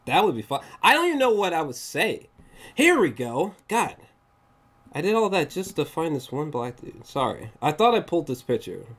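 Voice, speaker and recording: A man's voice: a little high, sing-song, moderate pace, a bit bright, breathy edge. A man giving a casual, rambling movie review, swearing often and acting out scenes in raised voices. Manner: rambling, swears often, searches for pictures mid-talk.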